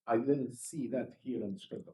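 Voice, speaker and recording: A man's voice: medium pitch, moderate pace, husky. A man attending a sales workshop, hesitantly asking a question about the script. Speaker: boot camp attendee. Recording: distant, quiet in a room.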